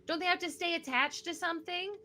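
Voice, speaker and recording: A woman's voice: very high-pitched, fairly even intonation, quick pace, bright, forceful tone, a little hiss or hum. A woman playing a tabletop game in character, hesitant and second-guessing herself as she talks. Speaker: player.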